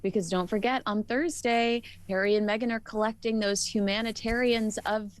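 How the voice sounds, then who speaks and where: A woman's voice: mid-range voice, steady tone, moderate pace. Texan woman commentator, emphatic and indignant. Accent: Texas. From Texas. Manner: emphatic, indignant, rhetorical questions. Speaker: commentator guest. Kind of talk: opinionated commentary.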